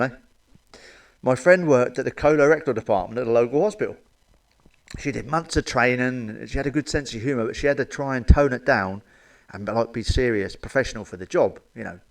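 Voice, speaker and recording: A middle-aged man, telling crude, sweary jokes to camera and laughing at his own punchlines. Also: medium pitch. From England. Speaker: comedian. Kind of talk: stand-up joke telling to camera.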